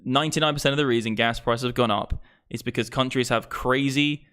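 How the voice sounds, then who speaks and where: A man's voice: medium pitch, fairly even intonation, a little fast, hardly any pauses, fairly bright tone, smooth. Profane, exasperated man ranting. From England. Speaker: crypto streamer. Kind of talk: ranting live stream.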